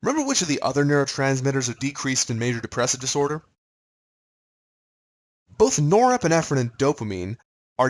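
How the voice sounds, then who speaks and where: A male lecturer teaches a recorded pharmacology lesson in a lively, chatty, conversational way, quizzing the listener with quick questions. His middle-register voice rises and falls animatedly as he explains the material. The recording is rough.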